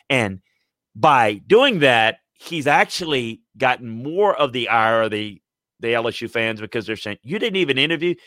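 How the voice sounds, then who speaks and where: A man in casual sports talk, rambling and animated with many restarts. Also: mid-range voice, dry recording, studio quality. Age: older. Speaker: sports commentator.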